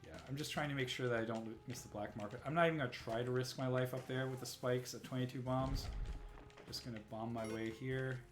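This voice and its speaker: A man's voice: medium pitch, fairly even intonation, quick pace, a little hiss or hum. Rambling man streaming a game. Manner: rambling, self-interrupting, says "right?" often. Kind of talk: casual live-stream commentary. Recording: roomy echo, faint music.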